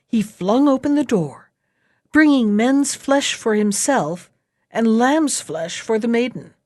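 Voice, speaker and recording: A woman reading a fairy tale aloud in a slow, measured storybook manner. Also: on the high side, animated, a little mellow, no echo, clean studio sound.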